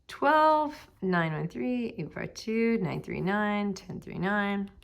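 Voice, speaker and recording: Her voice mid-range, expressive and creaky, a woman slowly leads a recorded statistics lesson. She narrates each step to herself, reading numbers out and murmuring some under her breath, all in a chatty, upbeat way with her students.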